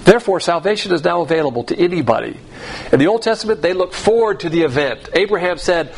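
A man preaching a sermon in an emphatic, blunt way, swinging between loud and hushed delivery. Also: high voice, lively intonation, fast talker, husky, poor audio.

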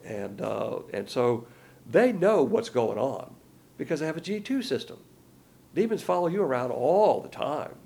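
A man's voice: medium pitch, big pitch swings, measured pace, vocal fry, mellow. A man giving a folksy, rambling verse-by-verse Bible lesson, with many fillers along the way. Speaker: Bible teacher.

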